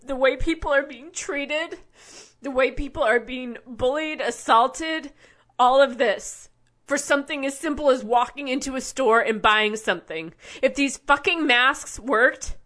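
A woman's voice: high-pitched, unhurried, a bit bright. A woman delivering an impassioned, rambling monologue as a show host, indignant and profane, often restarting her sentences.

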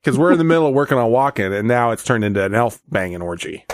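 Brief: male podcast host, mid-pitch, very expressive delivery, casual and crude, dry close sound. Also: quick pace, no echo. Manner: loose, profane banter. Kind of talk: casual chat.

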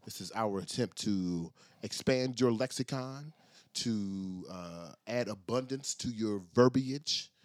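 A man co-hosting a casual podcast, animated and self-mocking, laughing often. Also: fairly low pitch, takes it slowly, no echo, studio quality. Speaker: podcast co-host. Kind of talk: casual chat.

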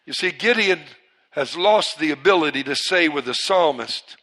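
Male pastor, high voice, bright and forceful tone, dynamic preaching, call-and-response with the congregation. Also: expressive, normal speed. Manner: dynamic, swings from loud bursts to hushed lines. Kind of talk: preaching a sermon. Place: church service.

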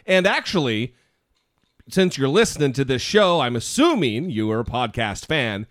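A man co-hosting a podcast in casual chat, talking in an animated, self-deprecating, rambling way. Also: mid-range voice, normal speed, dry recording, studio quality. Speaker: podcast co-host.

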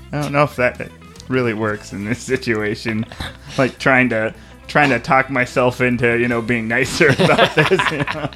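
A man's voice: mid-range voice, unhurried, pushed and bright, soft background music. A young man hosting a podcast, chatting casually, rambling through stories and laughing often. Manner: laid-back, laughs often, rambling storytelling. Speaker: podcast host. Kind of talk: casual banter.

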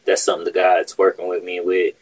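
A man's voice: low-pitched, completely flat delivery, quick pace, slightly rough, rough recording. A man hosting a podcast, telling a workplace story in casual, profane chat. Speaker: podcast host.

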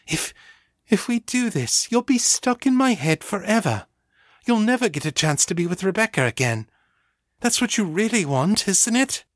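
Male narrator plays a shaky, torn young woman, pitched up, slow and halting. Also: animated, husky, no room sound, clean studio sound, full character voice. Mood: desperate. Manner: breathless, stammering.

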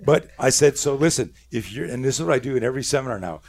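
A man's voice: medium pitch, fast talker. A middle-aged man telling a story in casual podcast chat, swearing freely, with lots of restarts. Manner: profane, animated storyteller with many restarts. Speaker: podcast guest, self-defense instructor.

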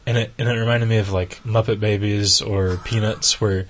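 A man's voice: lowish voice, steady tone, normal speed, a little hiss or hum. A man co-hosting a podcast, chatting casually and enthusiastically, rambling with restarts. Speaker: podcast co-host. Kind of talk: casual chat.

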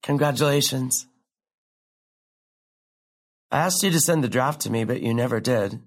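An actress playing a catty former classmate at a reunion, fake-sweet and passive-aggressive, saying "like" a lot. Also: female voice, very deep voice, normal speed. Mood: needling. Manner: peppers speech with "like". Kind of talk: contemporary stage drama dialogue.

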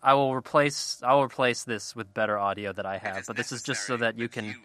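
A man's voice: mid-range voice, steady tone, brisk, a bit bright. A man co-hosting a podcast in casual chat, playful and joking. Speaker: podcast co-host.

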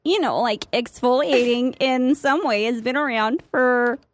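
A woman's voice: a little high, measured pace, a little hiss or hum, close to an everyday voice. A young woman putting on a Midwestern mom voice to retell some history. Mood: folksy. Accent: Midwestern American. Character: Midwestern mom, middle-aged woman, chatty.

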